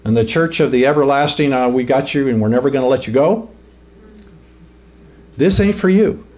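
A man's voice: medium pitch, expressive, moderate pace, darkish tone. A man preaching an informal teaching sermon, conversational, often rising to emphatic peaks and asking the room questions. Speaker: pastor.

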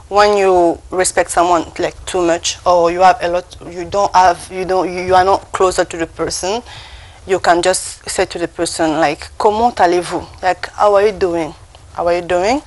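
A female teacher giving a TV language lesson. Her voice sits at a middle pitch, and she pronounces each phrase slowly and carefully, often restarting her sentences as she explains. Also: low-quality recording. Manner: slow, careful pronunciation with frequent restarts. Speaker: French teacher on a TV segment.

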